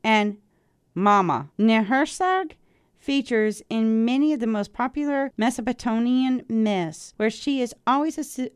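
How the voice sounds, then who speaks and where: A woman hosting a solo podcast, thinking out loud as she reads. Her voice is smooth and resonant, recorded close and dry with no room sound. She is animated and easily fired up. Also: medium pitch, no echo. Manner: stumbles over ancient names. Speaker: podcast host. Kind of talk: solo spiritual podcast, reading and musing aloud.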